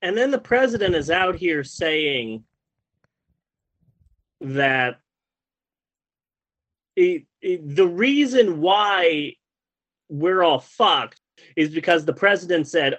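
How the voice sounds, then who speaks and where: A man with a high-pitched voice rants in a casual podcast chat. He swears freely and sounds exasperated. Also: big pitch swings, slow, pauses often, a bit bright, poor audio. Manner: profane, exasperated ranting.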